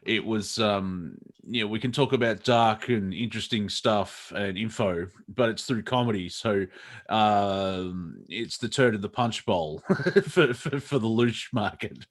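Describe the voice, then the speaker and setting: A man's voice: fairly low pitch, a little slow. Male comedy co-host, loose rambling banter, often laughing.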